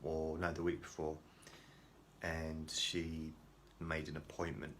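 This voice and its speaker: A man's voice: a bass voice, monotone, slow pace, a bit bright, a little hiss or hum. A man talking casually to camera in a rambling, self-deprecating way, often restarting his sentences. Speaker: vlogger.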